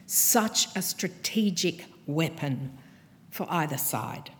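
A woman preaching a sermon to her church, with a measured, earnest delivery and pointed pauses. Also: deep voice, lively intonation, fairly bright tone, a little hiss or hum. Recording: long hall reverb from a church.

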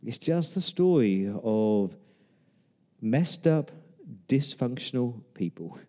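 Pastor with a mellow voice in a reverberant hall. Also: male voice, medium pitch, expressive, slow pace. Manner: retells Bible scenes with humor, acting out quoted lines. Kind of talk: sermon.

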